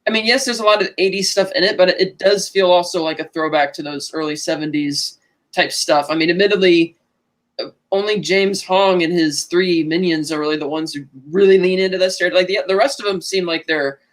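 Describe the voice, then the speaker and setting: A man casually talking through a movie with his co-hosts, chatty and quick to laugh. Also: high voice, fairly bright tone. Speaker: podcast co-host.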